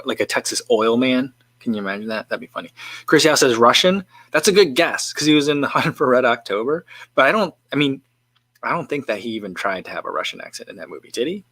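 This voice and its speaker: A man hosts a live stream in an easygoing, rambling way, often breaking off and restarting his thoughts as he reads viewer comments. His voice is bright and forceful. The sound is dry and close, with no room around it. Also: medium pitch, no room sound. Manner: musing and rambling, with frequent self-interrupting restarts. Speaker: livestream host. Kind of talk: casual chat, reading viewer comments.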